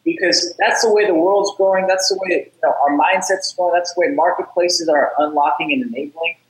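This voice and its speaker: A man's voice: fairly high pitch, a little fast, roomy sound, poor audio. A man telling stories as a guest on a casual interview show. He talks with energy and repeats words as he starts sentences. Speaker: podcast guest, startup founder. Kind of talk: casual interview talk, storytelling.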